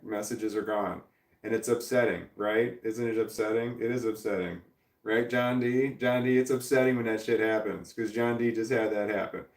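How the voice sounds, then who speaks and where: A man's voice: lowish voice, a little mellow. Rambling man in his forties, roomy distant sound. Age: 40s. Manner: rambling, swears freely, chuckles often. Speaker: livestreamer reading chat. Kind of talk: casual livestream chat.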